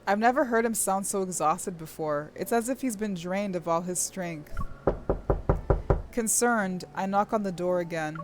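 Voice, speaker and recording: A young woman streaming, reading a game's story aloud and breaking off into gushing, excitable commentary with squeals and laughter. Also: medium pitch, moderate pace, heavy background noise.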